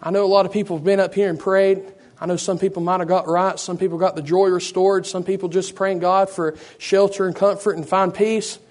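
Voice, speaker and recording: Hoarse preacher guy, high voice, fervent, gets loud and shouty. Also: little pitch movement, fairly quick. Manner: fervent, repeats "Lord" in prayer, builds to shouting. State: hoarse, losing his voice. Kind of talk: sermon.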